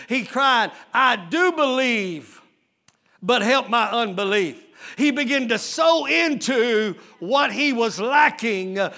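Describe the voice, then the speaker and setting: A man preaching a sermon as lead pastor, using drawn-out emphatic phrasing and calling out rhetorical questions to his congregation. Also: very high voice, sharp tone. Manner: drawn-out emphatic phrasing, stretching key words.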